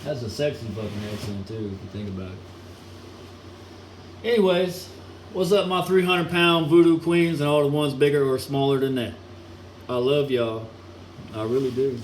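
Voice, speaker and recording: A man's voice: fairly high pitch, lively intonation, normal speed. A man delivering a crude, mocking, rambling rant, chuckling now and then. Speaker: solo ranting vlogger. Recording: echoey room with air conditioning hum.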